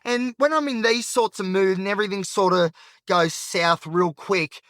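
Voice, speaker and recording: A man's voice: high voice, moderate pace, fairly bright tone, no echo. Australian male podcast host, agitated, rambling monologue from his car, dry close sound. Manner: rambling and frank, heavy on filler. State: agitated and anxious. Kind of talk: candid solo monologue while driving. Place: inside a car at night.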